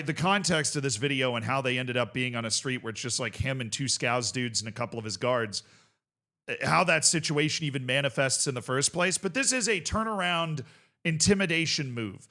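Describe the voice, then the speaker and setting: A young man with a mid-range voice hosts a casual video reaction show, rambling in an animated way with swearing and bursts of laughter.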